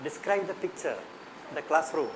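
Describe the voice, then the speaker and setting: A man's voice: fairly high pitch, lively intonation, moderate pace, crowd noise, rough recording. A man with an Indian English accent leading a teacher workshop, questioning the class and repeating his points. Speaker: teacher trainer.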